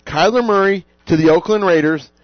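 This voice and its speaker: A man's voice: high-pitched, brisk, no echo. A man hosting a radio talk show, casual and joking, chatting and reading sponsor mentions. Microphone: studio microphone. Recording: dull lo-fi radio audio.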